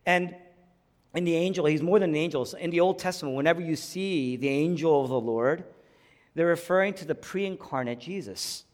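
Preaching man in a reverberant hall. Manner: swings from hushed low lines to loud high climaxes. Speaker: pastor. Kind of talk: sermon.

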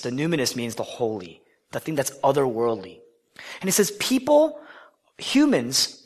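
Guy giving a sermon, asks the crowd questions, gets loud then goes way quiet. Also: a little high. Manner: dynamic, swings from loud declarations to hushed whispers; conversational, asks the listeners questions. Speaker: preacher.

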